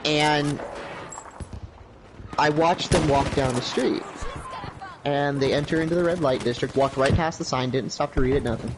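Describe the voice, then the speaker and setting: A man streaming a game, telling a long, profane anecdote in a casual, animated way. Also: fairly high pitch, normal speed, long pauses, background noise. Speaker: gaming livestreamer. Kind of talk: casual storytelling on a livestream.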